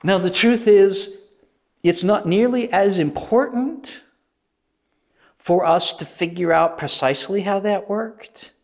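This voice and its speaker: A male preacher giving a sermon, animated and emphatic, repeating phrases for effect. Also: high-pitched, takes it slowly.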